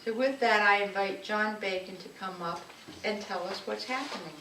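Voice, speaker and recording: A woman's voice: mid-range voice, normal speed. A woman speaking at a community event, telling fond personal stories in the manner of a public speech. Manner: fond, storytelling, warm recollection. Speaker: local speaker at an anniversary event. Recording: echoey room, distant mic, faint noise.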